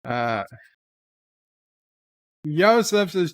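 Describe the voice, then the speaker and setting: A livestream host with a fairly high, sing-song voice reads out live chat comments. His delivery is laid-back and halting, with frequent "uh"s before each comment.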